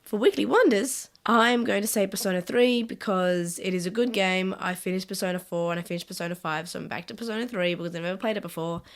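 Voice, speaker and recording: A woman chats casually as a podcast co-host, her voice croaky and raspy, worn down to the edge of giving out. She keeps talking through it at an ordinary pitch. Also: fast, hardly any pauses.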